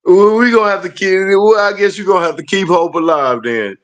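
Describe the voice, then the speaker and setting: A man's voice: high voice, brisk, fairly bright tone. A man hosting a casual chat, telling stories animatedly and laughing often.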